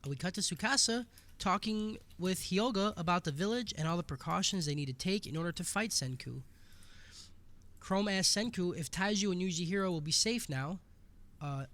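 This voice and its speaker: Bright-voiced joking podcast man. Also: a little high, moderate pace. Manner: crude, joking, swears a lot. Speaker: podcast co-host recapping episodes. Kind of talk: casual podcast chat.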